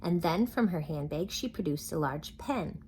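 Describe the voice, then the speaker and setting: A woman reading a storybook aloud to children in a slow, expressive way. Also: lowish voice, slight background noise.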